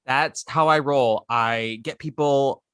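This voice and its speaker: Brief: male podcast host, bright tone, dry close recording, showy and opinionated. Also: medium pitch, slow, clear, resonant tone, dry recording. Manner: theatrical, opinionated, playful. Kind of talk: casual podcast chat.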